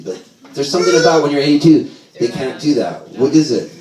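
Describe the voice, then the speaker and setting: A man's voice: a little high, lively intonation, fast talker, darkish tone. A man telling rambling, self-amused stories to a live audience at a small bar, often laughing as he talks. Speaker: singer-songwriter telling stories on stage. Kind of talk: live stage storytelling. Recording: roomy live venue mic, from a distance, audience heard. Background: audience laughter and chatter.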